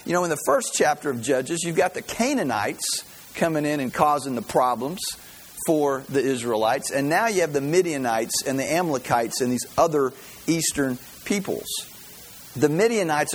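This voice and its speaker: A man's voice: on the high side, husky, poor audio. A man preaching a sermon, talking in a folksy, conversational way and telling jokes along the way. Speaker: pastor.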